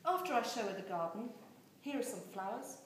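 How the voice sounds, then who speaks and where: A woman reading a novel aloud with expressive, lively storytelling. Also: on the high side, fairly quick, background noise. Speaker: reader. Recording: very echoey room.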